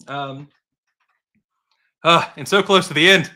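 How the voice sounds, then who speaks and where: A man's voice: on the high side, pushed and bright. A man co-hosting a livestream in playful, casual chat, his voice giving out and interrupted by coughs. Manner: playful, quick to laugh, coughing. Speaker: co-host.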